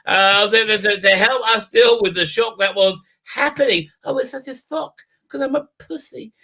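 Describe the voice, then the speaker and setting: A man hosting a live stream, talking in a sarcastic, profane way and often breaking into shouts. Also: high-pitched, normal speed. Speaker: show host. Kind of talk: mocking live stream commentary.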